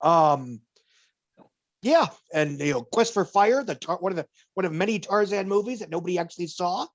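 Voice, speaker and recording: A man's voice: sits high, expressive, moderate pace. A man co-hosting a podcast, giving a box office report in casual chat, wry and digressive, slipping dry jokes between figures.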